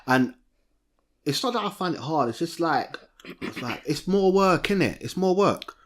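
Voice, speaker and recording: A young man, co-hosting a podcast in a lively, chatty way, often restarting mid-sentence. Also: fairly high pitch, normal speed. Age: young adult. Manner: animated, chatty, self-interrupting. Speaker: podcast co-host. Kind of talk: casual chat.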